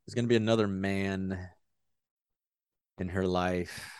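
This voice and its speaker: A man's voice: sits low, fairly even intonation, unhurried, darkish tone, smooth, no echo, studio quality. A man co-hosting a podcast, chatting casually in a rambling, joking way, with the odd swear word. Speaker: podcast co-host. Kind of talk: casual chat.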